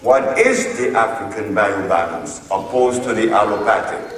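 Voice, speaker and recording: A man giving a storytelling lecture to an audience, slow and deliberate as he recounts his exchanges in court. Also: lowish voice, a little hiss or hum. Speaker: speaker addressing an audience. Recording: echoey hall, voice from far off.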